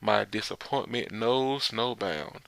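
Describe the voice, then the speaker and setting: A man's voice: on the low side, vocal fry, a bit bright, no echo, heavily acted. A man reading as a stern old-fashioned samurai. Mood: indignant. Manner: slow, formal, old-fashioned phrasing. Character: stern adult male samurai with archaic speech.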